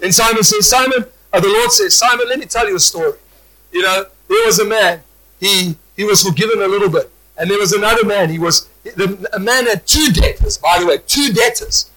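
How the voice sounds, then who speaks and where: High bright-voiced preacher. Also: male voice, a little fast, poor audio. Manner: animated, repetitive restarts, rising to shouts. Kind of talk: sermon.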